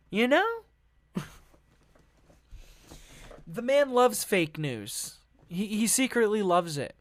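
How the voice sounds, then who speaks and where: Podcast guy reading news and swearing a lot, laughs at his own jokes, slow talker, dead dry sound. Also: mid-range voice, big pitch swings, no echo. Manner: profane, laughing, rambling asides. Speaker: podcast host. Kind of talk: casual news commentary reading articles aloud.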